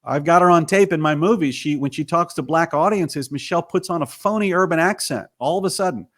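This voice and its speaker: Emphatic man with a fairly high voice. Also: brisk. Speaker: guest, filmmaker and author. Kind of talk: interview answer, storytelling.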